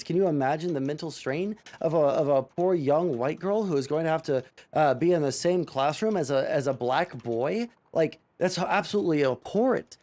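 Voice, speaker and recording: A man's voice: on the high side, moderate pace, few pauses, darkish tone. A man giving a casual reaction commentary as a streamer, ranting sarcastically and swearing a lot.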